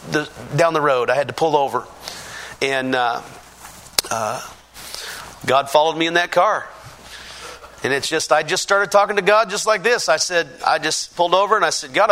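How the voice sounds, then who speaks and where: A man giving a personal testimony in a halting, earnest way, with many restarts and fillers, growing fervent and emphatic. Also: high-pitched, bright, forceful tone.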